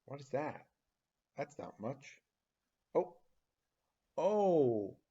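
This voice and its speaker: A man teaching a phonics lesson to young children, slowly drawing out each sound and asking questions in an animated, exaggerated way. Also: medium pitch, breathy edge, lo-fi sound.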